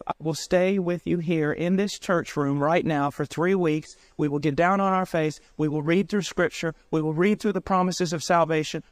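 Middle-aged preacher guy, high voice, fired-up sermon storytelling, dry close sound. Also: no room sound. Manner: impassioned storytelling, rising to emotional peaks.

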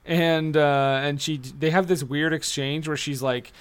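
A man mocking a movie in loose banter with friends. His voice sits slightly high, he swears freely and he acts out the dialogue to make fun of it. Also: fairly even intonation, a little slow, smooth. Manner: sarcastic, swears, mock quotes. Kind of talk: casual movie review chat.

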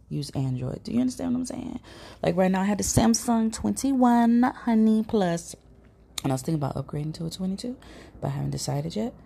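A podcast host with a St. tells a personal story in a casual monologue. Her voice is low, husky and warm. She swears easily and slips into whispers now and then.

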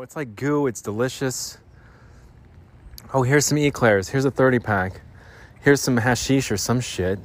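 A middle-aged man hosting a podcast in a rambling, casual monologue, full of slang and repeated filler words. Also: mid-range voice. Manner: rambling, slangy, keeps saying dude. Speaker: podcast host.

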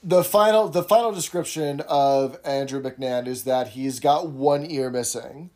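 A man's voice: medium pitch, measured pace, darkish tone. Man explaining, often asking "right?". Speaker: co-host. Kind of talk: casual chat explaining culture.

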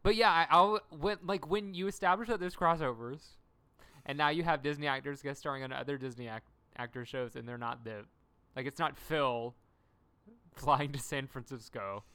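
A woman co-hosting a podcast, chatting casually about a TV episode and acting out lines in quick impressions. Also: rumbling low, clear, resonant tone. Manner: animated, acts out character lines in quick impressions. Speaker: podcast co-host. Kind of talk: casual chat recapping a TV episode.

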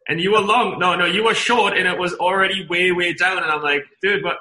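A man's voice: high-pitched, steady tone, brisk, sharp tone, reverberant, low-quality recording. A man hosting a podcast interview, loose and joking, swearing casually. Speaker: podcast host.

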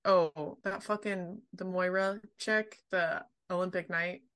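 A woman co-hosting a casual book podcast, relaxed and laughing often, tossing in quick reactions over a remote call mic. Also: fairly low pitch. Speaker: podcast co-host. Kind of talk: casual book discussion chat. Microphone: remote call microphone.

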